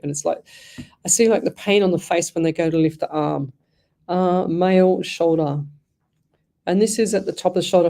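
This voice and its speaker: A middle-aged woman hosts live psychic readings on the radio. Her voice sits low and mellow. She talks in a chatty, rambling flow, restarting phrases as she thinks aloud. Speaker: radio host and psychic medium.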